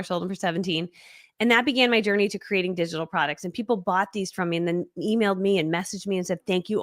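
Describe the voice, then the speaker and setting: A woman's voice: medium pitch, a bit bright, no echo, clean studio sound. A woman guest in an interview, telling her business story casually and laughing often as she talks. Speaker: guest entrepreneur.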